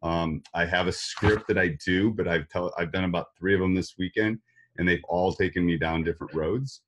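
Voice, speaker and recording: A man's voice: deep voice, steady tone, moderate pace. A man with a Wisconsin accent hosting a podcast interview, chatting casually and rambling, often repeating words and restarting. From Wisconsin, USA. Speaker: podcast host.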